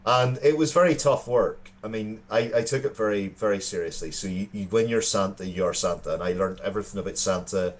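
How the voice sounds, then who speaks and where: Irish male co-host, thirties, low register, sincere storyteller. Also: brisk, few pauses. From Ireland. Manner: earnest storytelling with frequent restarts. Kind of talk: casual chat.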